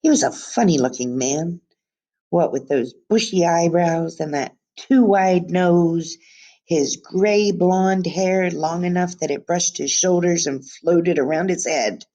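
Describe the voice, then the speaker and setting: A woman's voice: fairly low pitch, slow, dark tone. A woman teacher reading a book aloud to her students on a webcam, adding chatty asides as she goes.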